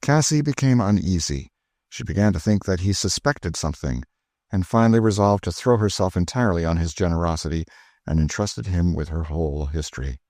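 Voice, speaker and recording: A man narrating a classic novel with steady, measured storytelling. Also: low-pitched, no room sound, studio quality. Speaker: audiobook narrator. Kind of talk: scripted narration.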